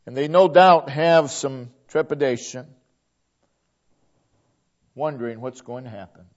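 A man preaching a sermon, building to emphatic peaks and then letting his line endings fall to a hush. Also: mid-range voice, measured pace, highs cut off.

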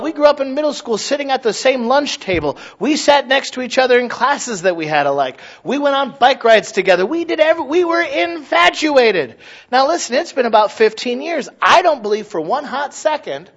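A man in his thirties preaching a sermon, animated and acting out little scenes in other voices. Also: high-pitched, slightly rough, highs cut off. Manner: animated, mimics voices for illustrations. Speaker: pastor.

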